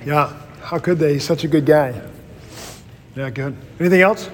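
Pastor teaching a Bible study, reverberant hall. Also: male voice, a little high, normal speed, slight background noise. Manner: casual, animated storytelling with acted quotes.

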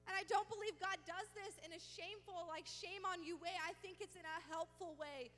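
A woman preaching a sermon, emphatic and animated, drawing out words for stress. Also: very high-pitched, a little fast, hardly any pauses. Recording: long hall reverb with faint music.

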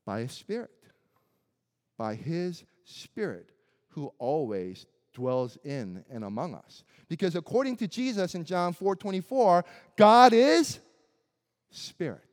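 Earnest pastor, a man with a lively high voice. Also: takes it slowly. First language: Korean. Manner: earnest, emphatic, builds through lists of rhetorical questions. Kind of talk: sermon. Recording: long hall reverb.

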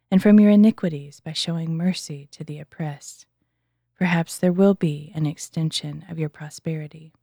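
A wise male prophet in a scripture reading gravely interprets a dream for a king, read by a woman. The voice sits low and mellow, measured and earnest. The sound is close and dry, with no room around it. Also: no room sound, close to an everyday voice.

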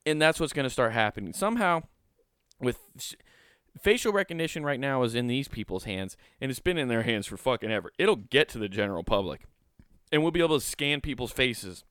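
A man's voice: medium pitch, animated, brisk, fairly bright tone, clear, resonant tone, no room sound, studio quality. A man hosting a podcast, reading news articles aloud and riffing on them in a rambling, profane, joking way. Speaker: podcast host.

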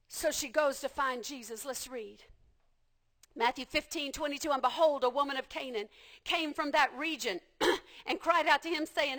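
A woman preacher delivering a passionate sermon, repeating phrases and building to shouts. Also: high-pitched, normal speed.

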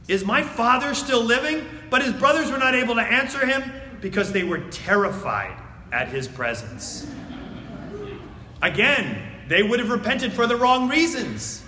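Male pastor, high bright voice, preaching in a reverberant church hall, dramatic swings from loud to hushed. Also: sing-song, normal speed. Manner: swings between loud emphatic reading and hushed near-whispers. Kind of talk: sermon with scripture reading. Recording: echoey hall.

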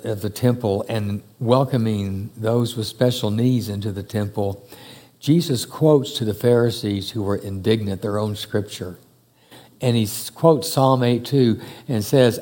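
A man preaching a sermon to a church congregation, speaking slowly and emphatically with long pauses. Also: fairly low pitch, darkish tone. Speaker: pastor. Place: church hall. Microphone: handheld or stand mic.

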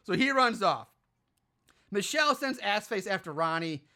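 Animated, profane podcast host. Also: mid-range voice, normal speed. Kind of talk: casual film recap.

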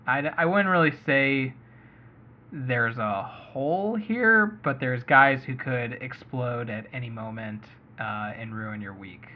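A man's voice: mid-range voice, a little slow, a little hiss or hum. A man hosting a casual sports podcast, chatty and thinking aloud with lots of hedging. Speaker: fantasy baseball podcast host. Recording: muffled lo-fi audio.

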